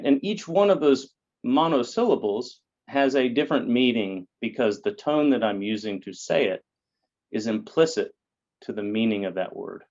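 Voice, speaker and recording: A man's voice: medium pitch, darkish tone, dull audio. A man, a guest in an interview, explaining things in a lecturing way with many fillers and tag questions. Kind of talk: explanatory conversation.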